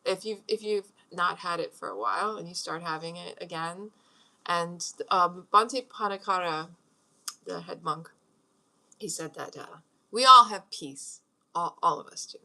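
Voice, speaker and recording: A middle-aged woman hosts a meditation talk from home, leading a practice with guided breathing. Her voice is lowish, gravelly and sharp-toned, expressive and a little slow. She chats casually, rambles, and laughs often.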